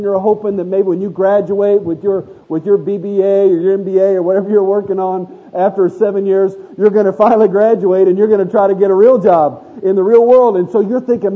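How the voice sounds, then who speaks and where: A man's voice: high-pitched, breathy edge. A middle-aged man preaching a sermon in a conversational, storytelling way, asking the congregation questions. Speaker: pastor. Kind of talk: sermon with audience interaction. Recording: thin phone-like audio.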